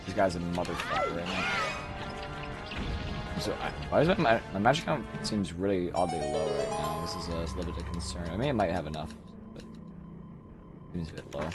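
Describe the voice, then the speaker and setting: A man's voice: low-pitched, brisk, long pauses. A man giving casual live-stream commentary as he plays, often mumbling, trailing off and swearing at the game. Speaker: speedrunner streamer. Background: game music.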